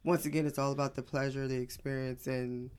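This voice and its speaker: A woman's voice: extremely low pitch, brisk, smooth. A woman in a casual chat, telling her story with lots of laughter. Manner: animated storyteller, laughing often.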